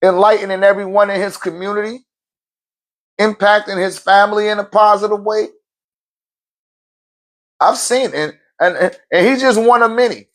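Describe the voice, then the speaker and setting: High-pitched, emphatic, profane male speaker. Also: moderate pace, pauses often. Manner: profane, emphatic, laughs often; repeats words while restarting phrases. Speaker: spiritual teacher and event host. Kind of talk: casual motivational talk.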